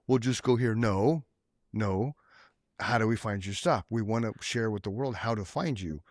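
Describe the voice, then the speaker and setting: A man's voice: on the low side, normal speed, no echo, studio quality. A man hosting a podcast, talking casually and enthusiastically, often repeating words as he thinks. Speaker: podcast host. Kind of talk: casual chat.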